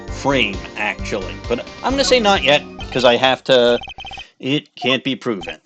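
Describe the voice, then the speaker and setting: A man casually talking through a game playthrough, quick to toss out exasperated jokes and stumble over his words. His voice sits at an ordinary male pitch, with game music clearly audible underneath. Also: very animated. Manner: joking, exasperated asides, stumbling restarts. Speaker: gameplay commentator. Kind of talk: casual let's-play commentary with read-out dialogue. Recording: game music playing behind.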